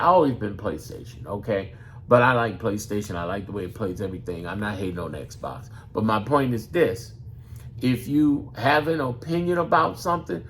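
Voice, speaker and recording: A man's voice: mid-range voice, slight background noise. A man who makes gaming videos talks straight to the viewer, blunt and profane, handing out advice in a casual, preachy way. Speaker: gaming content creator. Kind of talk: casual motivational talk.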